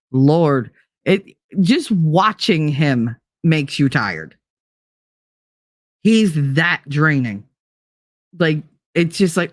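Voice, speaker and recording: Animated, foul-mouthed woman telling stories. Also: on the low side, no echo, clean studio sound. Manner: animated, swears freely, acts out quoted voices. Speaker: streamer. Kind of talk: casual late-night storytelling.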